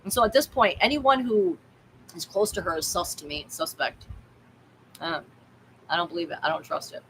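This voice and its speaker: A woman's voice: fairly low pitch, normal speed, fairly bright tone, slight background noise, rough recording. A woman who hosts a tarot livestream, chatting in a candid, rambling way and swearing bluntly. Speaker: tarot reader and livestream host. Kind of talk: casual livestream chat.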